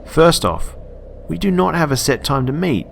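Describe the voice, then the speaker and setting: A man voicing a frightened, indignant young woman in a storybook reading, in a high, loud, insistent voice, with an Australian accent. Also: big pitch swings, moderate pace, vocal fry, slight background noise, heavily acted.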